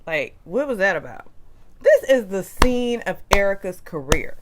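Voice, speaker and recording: A woman's voice: medium pitch, sing-song, a little slow, heavy background noise. A woman hosting a casual reality TV recap with a chatty, gossipy manner. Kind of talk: casual commentary.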